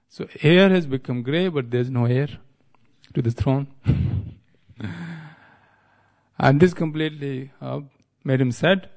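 A man's voice: medium pitch, slow pace, vocal fry, long pauses, darkish tone. A man giving a devotional lecture, telling a sacred story in an easygoing way, restating and explaining as he goes and chuckling at his own wordplay. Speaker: spiritual speaker.

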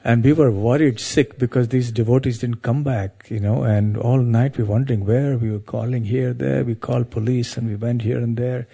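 A man's voice: mid-range voice, fairly even intonation, moderate pace, creaky, hardly any pauses, dark tone, slightly rough. A man giving a devotional talk, telling a story in a meandering, anecdotal way with frequent asides.

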